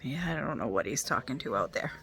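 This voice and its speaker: A woman's voice: very deep voice, expressive, fast talker, creaky, fairly bright tone. A woman chatting eagerly at home in a casual reading diary, full of rambling asides. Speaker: book vlogger.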